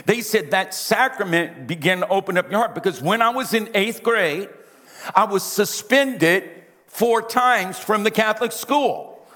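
A man preaching from the pulpit in a big, carrying voice that comes a little from the side of his mouth. His pitch sits fairly high for a man. His storytelling is folksy and self-deprecating, and long reverb trails each phrase in the church. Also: animated, a little slow, sharp tone. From Louisiana. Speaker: pastor. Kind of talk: storytelling sermon. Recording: reverberant hall.

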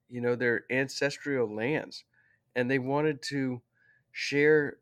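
Interview guest, male, mid-pitch, casual storyteller who corrects himself as he goes, heartfelt. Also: fairly bright tone. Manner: rambling, self-correcting, heartfelt.

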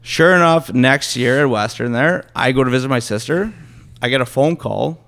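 A man's voice: medium pitch, moderate pace, gravelly, fairly bright tone. A Canadian man, a podcast guest, telling rambling, profane anecdotes in casual chat. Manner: rambling, swearing anecdotes with quoted impressions.

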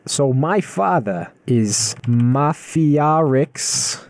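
Man voicing a shady mob son, put-on gangster drawl, slow and sly. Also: a little high, lively intonation, darkish tone, exaggerated voice. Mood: scheming. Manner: slow, conspiratorial mobster accent.

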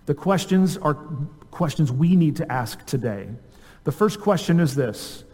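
A man preaching from the pulpit, his voice pitched a little high for a man and carried by the long reverb of a church sanctuary. He asks the congregation question after question and lets key phrases fall quiet and slow. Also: expressive. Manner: earnest preaching, rhetorical questions, drops soft on key words. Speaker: pastor. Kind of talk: sermon.

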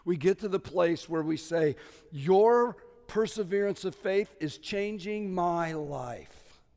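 A man's voice: high voice, animated, takes it slowly. Emphatic male pastor in a reverberant hall. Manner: emphatic, swings between loud stresses and quiet asides. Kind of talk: sermon.

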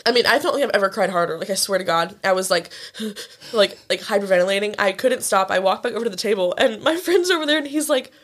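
A woman's voice: mid-range voice, animated, fast, a bit bright. A young woman co-hosting a casual chat, telling stories animatedly with lots of fillers and swearing. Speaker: podcast co-host.

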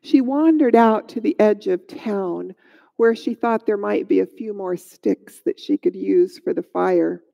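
Slow, gravelly-voiced woman storyteller. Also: mid-range voice, mellow. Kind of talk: scripted Bible story narration. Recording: dull lo-fi recording.

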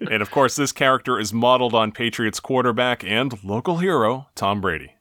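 A podcast host from the Boston area recaps a show in a chatty way, often laughing. His pitch moves a lot, and the recording is close and dry. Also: pushed and bright, no echo. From Boston area, USA.

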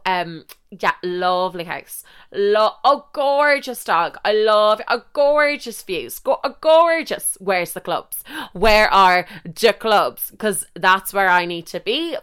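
A woman's voice: mid-range voice, pushed and bright, clear, resonant tone. A young Irish woman in her twenties telling a rambling story in a casual monologue, swearing freely and interrupting herself.

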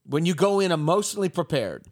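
Radio co-host guy asking questions, lively swoopy voice, a bit high. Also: fast. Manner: prompting questions, playful. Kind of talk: radio talk show discussion.

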